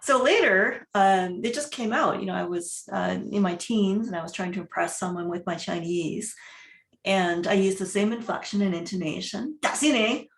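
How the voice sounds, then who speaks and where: Woman moderator, animated anecdote, roomy echo. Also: medium pitch, normal speed. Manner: animated, laughing storyteller. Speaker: discussion moderator. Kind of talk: casual group discussion. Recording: echoey room.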